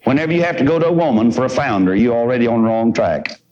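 A man's voice: medium pitch, expressive, quick pace, darkish tone. Guy preaching, folksy and emphatic, muffled old tape sound. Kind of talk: sermon. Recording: dull lo-fi old tape recording.

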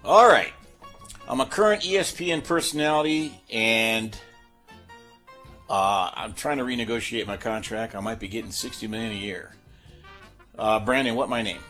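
A man's voice: on the low side, normal speed, pauses often, a bit bright, faint music behind. A man hosting a sports talk show, running a guessing game with chatty, filler-heavy speech. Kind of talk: casual sports radio chat.

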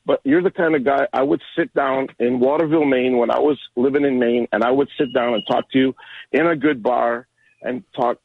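A man's voice: mid-range voice, fairly even intonation, a little fast, vocal fry, husky. A man in his sixties calling into a sports radio show, rambling in a friendly way. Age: 60s. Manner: rambling, friendly, restarts often. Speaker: caller. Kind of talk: call-in chat. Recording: tinny phone line.

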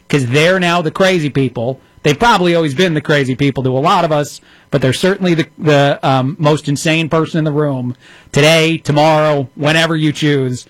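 A man's voice: a little high, brisk, dry recording, rough recording. A man hosting an opinionated political commentary show, talking in a sarcastic, mocking way as he plays clips and reacts.

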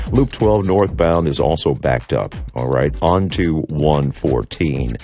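A man with a very deep voice hosts a morning radio show, swinging his pitch up and down with energy. He reads traffic news in a casual, playful way, stretching some phrases out slowly. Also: mellow. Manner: upbeat, drawn-out phrasing, playful.

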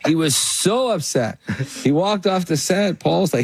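A man being interviewed as an actor guest, telling animated anecdotes and laughing through his own stories. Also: high voice, normal speed, creaky. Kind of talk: casual interview storytelling.

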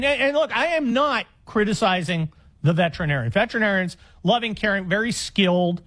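A man in his sixties hosting a call-in radio show, talking in an animated, exasperated and rambling way with frequent restarts. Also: sits high. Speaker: radio talk show host. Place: Los Angeles area radio studio.

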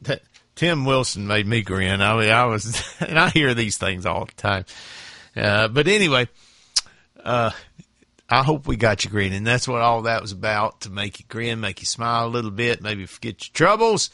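A man's voice: lowish voice, expressive, moderate pace, bright, forceful tone, dry recording, clean studio sound. A man hosting a radio show, chatting in an easygoing, folksy way between tracks.

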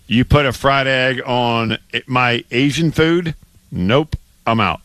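A man's voice: mid-range voice, slow pace, a bit bright, clear, resonant tone, dry recording. Emphatic male sports radio co-host. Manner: emphatic, stammering restarts, playful exasperation. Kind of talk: casual sports radio banter.

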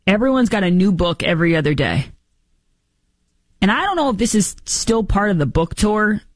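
A woman's voice: medium pitch, sing-song, moderate pace, dry recording, clean studio sound. A woman hosting a talk show, delivering sarcastic political commentary in a mocking tone. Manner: mocking, sarcastic, puts on silly voices for impressions. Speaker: radio talk show host.

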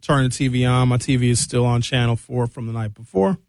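A man hosting a talk radio show from a studio, ranting in an opinionated monologue and mocking people with high comic voices. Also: steady tone, a little fast, dry recording.

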